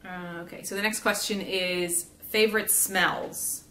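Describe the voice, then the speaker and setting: A woman's voice: fairly low pitch, steady tone, measured pace, pushed and bright. A young woman from South Florida chatting casually, rambling with lots of fillers while she builds a gingerbread house. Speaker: vlogger. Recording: echoey room, faint background hiss.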